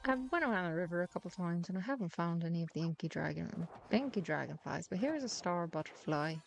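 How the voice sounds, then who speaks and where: A woman's voice: on the low side, expressive, a little fast, creaky, faint music behind. Chatty woman playing a game. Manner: chatty, teasing, mutters to herself while playing. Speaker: gaming streamer. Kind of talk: casual gameplay commentary.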